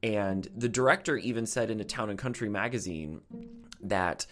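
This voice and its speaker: A man's voice: lowish voice, moderate pace, a bit bright, faint music behind. A man giving an opinionated, casual film review, often restarting and repeating words as he thinks aloud.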